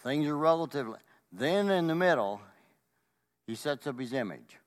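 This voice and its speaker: A man's voice: on the high side, lively intonation, normal speed. A man preaching a sermon with emphatic delivery. He often asks rhetorical questions and repeats words. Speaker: pastor.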